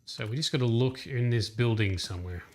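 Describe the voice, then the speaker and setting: Playing a game on a livestream, a streamer chats casually and thinks out loud. His voice is medium in pitch and a little fast, with slight background noise present.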